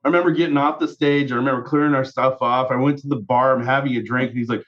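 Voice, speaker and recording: A man, a guest musician, telling a story on a casual podcast in an animated way, acting out quotes and swearing freely. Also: mid-range voice, fast, muffled recording.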